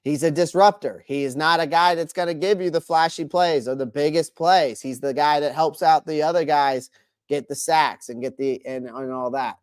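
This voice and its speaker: A man's voice: a little high, normal speed, clean tone, no room sound, studio quality. A man hosting a casual live stream, answering chat by name with strong opinions and frequent restarts.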